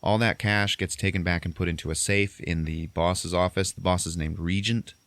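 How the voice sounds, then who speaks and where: A man's voice: sits low, fairly even intonation, normal speed, a bit bright, no room sound. A man hosting a podcast, casually recapping a movie as a profane storyteller. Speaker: podcast host.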